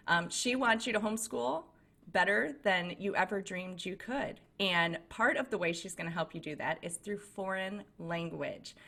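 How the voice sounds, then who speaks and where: A woman's voice: medium pitch, creaky, bright, forceful tone. A woman hosting a podcast, introducing her guest in an upbeat, encouraging way. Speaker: podcast host. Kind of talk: podcast interview.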